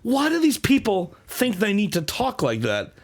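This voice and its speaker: A man's voice: sits high, moderate pace, creaky. A man co-hosting a comedy podcast, chatting casually and jokily, often slipping into a mock sports announcer voice. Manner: jokey, animated, keeps slipping into a mock announcer voice. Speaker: podcast co-host.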